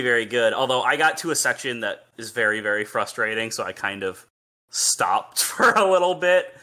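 A man co-hosting a gaming podcast, talking in a relaxed way with many pauses and ums. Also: lowish voice. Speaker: podcast co-host. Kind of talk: casual chat.

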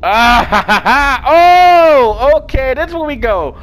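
High, lively, excitable gaming man. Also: takes it slowly, hardly any pauses. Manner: excitable, swings from hushed muttering to yelling; talks to game characters with slang and swearing. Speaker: gaming video creator. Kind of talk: live let's play commentary.

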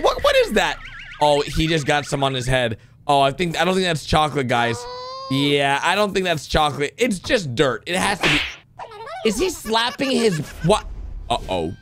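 Excitable man yelling reaction commentary. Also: high-pitched, noisy background. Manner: animated, swings between yelling and muttering. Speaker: gaming commentator reacting to animations.

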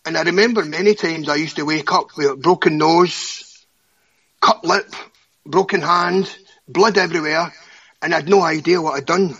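A Scottish man in his fifties, a guest giving emotional personal testimony, halting and often repeating words. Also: on the high side, pushed and bright, husky. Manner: halting, repeats words, stammers when upset. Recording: dull lo-fi audio.

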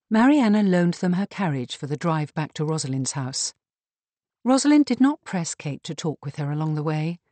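A woman narrating an audiobook in an even, composed manner. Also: on the low side, dry recording. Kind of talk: scripted narration.

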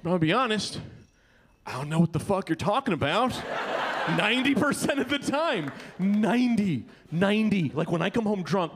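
Lively high-voiced man doing rowdy stand-up. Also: moderate pace, slight background noise. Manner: rowdy, loose, acts out quotes. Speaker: stand-up comedian. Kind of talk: stand-up comedy set. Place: comedy club stage. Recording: comedy club with loud crowd laughter.

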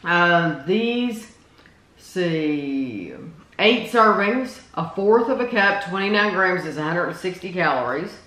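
A woman's voice: fairly low pitch, lively intonation, takes it slowly, a bit bright. A woman hosting a casual snack taste-test video, chatty and enthusiastic, reading out package labels. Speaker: host. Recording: echoey room with faint noise.

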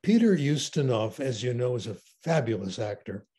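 An older man on a video call, an enthusiastic, animated storyteller in a conversational interview. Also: medium pitch, normal speed. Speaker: interview guest.

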